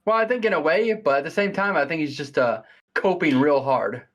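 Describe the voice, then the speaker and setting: An upbeat, joking man joins a podcast chat over a video call. His voice sits fairly high, and he laughs easily. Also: a little fast. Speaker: streamer dropping in as a guest.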